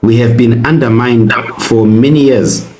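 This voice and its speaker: A man's voice: mid-range voice, steady tone, measured pace, a little mellow, roomy sound, soft background music, low-quality recording. A South African man on a live panel debate, speaking indignantly and repeating his points for emphasis.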